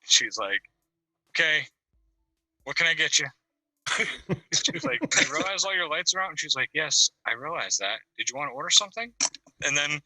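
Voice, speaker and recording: A man on a video call telling a profane, animated story with bursts of laughter. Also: medium pitch, dry recording, low-quality recording. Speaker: caller on a video call-in panel. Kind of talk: casual storytelling.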